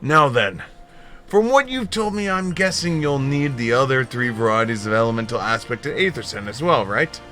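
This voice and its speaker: A man voicing a friendly, talkative engineer who explains plans in an easygoing, deliberate way. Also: mid-range voice, expressive, sharp tone, soft background music.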